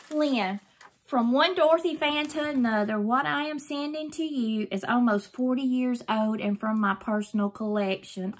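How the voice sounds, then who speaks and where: A woman's voice: fairly high pitch, moderate pace, slight background noise. An older woman, chatting effusively to her viewers while opening mail in a casual vlog. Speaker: craft vlogger.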